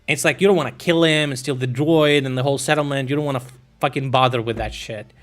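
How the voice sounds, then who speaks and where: A man's voice: mid-range voice, steady tone, fast talker. A man streaming, talking in a casual, meandering way with lots of swearing, fillers and restarts. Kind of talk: rambling casual stream chat.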